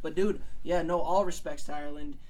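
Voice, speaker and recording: Profane rambling young man, slightly high. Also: fairly even intonation, brisk, a little mellow. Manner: rambling, profane, laughs often. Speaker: podcast host. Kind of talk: casual chat.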